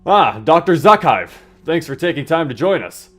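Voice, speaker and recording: Brief: man reading a brusque male drill instructor, blunt and crude, raised a touch in pitch. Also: very animated, moderate pace, fairly bright tone, faint music behind. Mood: brisk. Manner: brusque, matter-of-fact briefing.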